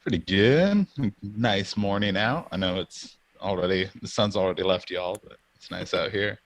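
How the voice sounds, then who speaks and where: A man's voice: sits low, normal speed. A laid-back man joining a live stream as a guest over a video call. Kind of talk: casual chat.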